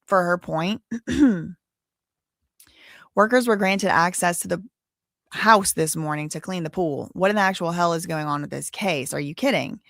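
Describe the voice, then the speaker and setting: A woman's voice: on the low side, normal speed, gravelly, pauses often, a bit bright, no room sound, clean studio sound. A woman hosting a live case-update stream, chatting casually with viewers in a blunt, indignant way, sometimes cursing. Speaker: host.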